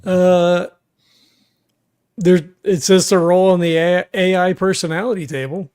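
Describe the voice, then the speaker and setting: A man chatting casually as a tabletop game player, his voice sitting slightly high. He works ideas out aloud in halting, stop-start phrases. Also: steady tone, darkish tone, clear, resonant tone. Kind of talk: casual chat.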